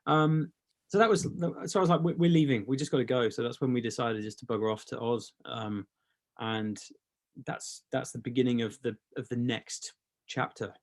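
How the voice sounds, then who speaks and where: A man's voice: mid-range voice, normal speed. Rambling man telling stories. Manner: rambling, repeats words, swears casually. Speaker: brand founder, guest. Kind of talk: casual storytelling interview.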